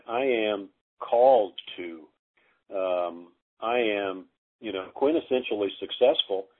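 Halting man on a narrow phone line. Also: lowish voice, husky. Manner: halting, many fillers and restarts. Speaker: guest. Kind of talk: casual storytelling interview.

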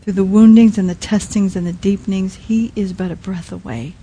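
A woman preaching a sermon in a soft, halting way, often dropping to a quiet hush. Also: medium pitch, steady tone, a little hiss or hum, poor audio. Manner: soft, halting, many restarts and fillers. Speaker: speaker at a Christian teaching.

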